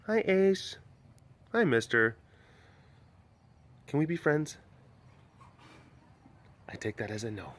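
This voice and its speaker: A man's voice: mid-range voice, sing-song, slow pace, pauses often, slight background noise. A bubbly man recording a casual outdoor walk-around vlog at a big cat sanctuary. He chats with the viewers and baby-talks to the cats. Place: outdoors at an animal compound.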